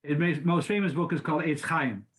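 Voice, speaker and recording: A man's voice: on the high side, a little fast, a bit bright. An older man teaching a class, lecturing in an informal way with frequent restarts and repeated words. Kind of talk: conversational lecture.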